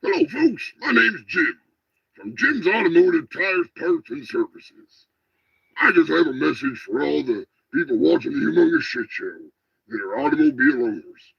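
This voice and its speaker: A man voicing a pushy tire shop pitchman with folksy, crude sales patter. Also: very animated, moderate pace, vocal fry, slightly rough, no echo, exaggerated voice. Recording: dull lo-fi, dry.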